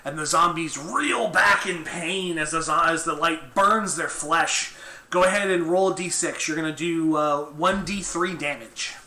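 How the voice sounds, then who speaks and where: A man's voice: on the high side, measured pace, sharp tone. A man running a tabletop game as game master, describing the action and patiently explaining the rules. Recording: roomy echo, faint noise.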